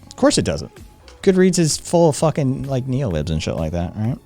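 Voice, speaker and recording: Faint music plays behind this American man as he hosts a live stream, rambling through casual chat full of ums and regular cursing. His medium-pitched voice has big swings in pitch, normal speed, some vocal fry, and a warm tone.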